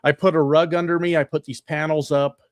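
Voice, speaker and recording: A man hosting a livestream, talking loosely and swearing freely as he reacts to viewer comments. His voice sits a little high for a man. He is recorded close on a desk microphone in a treated home room, so the sound is dry. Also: level tone, a little fast, no room sound. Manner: loose, profane and chatty, with frequent fillers and laughs. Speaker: livestreamer and political candidate. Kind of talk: casual livestream chat, reading viewer comments. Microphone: upgraded desk microphone.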